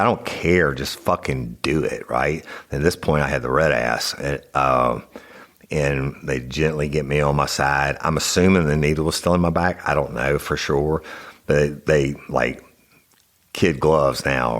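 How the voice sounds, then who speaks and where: A man's voice: a bass voice, fairly bright tone. A middle-aged man, telling a personal story on his podcast in a blunt, profane, rambling way. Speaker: podcast host. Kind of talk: casual storytelling.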